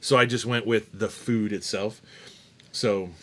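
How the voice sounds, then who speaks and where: A man co-hosting a casual beer podcast, reading out trivia questions in a joking, animated way. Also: lowish voice, a little slow. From United States. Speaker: podcast co-host running trivia.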